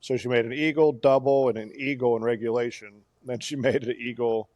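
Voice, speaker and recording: Male co-host, mid-pitched, excitable play-by-play storyteller, dry close recording. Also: brisk, no room sound. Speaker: podcast co-host. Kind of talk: casual golf podcast chat.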